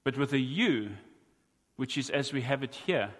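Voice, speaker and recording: A man with a South African accent preaching a sermon, earnest and deliberate, with wry asides to his congregation. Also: medium pitch, animated, in a large hall. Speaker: pastor.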